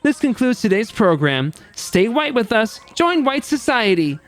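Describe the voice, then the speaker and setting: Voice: mid-range voice, sing-song, unhurried, pitched above the performer's own voice. A streamer voicing a gleeful, sadistic game-show host in a game, with mocking showman patter. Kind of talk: reading game dialogue aloud.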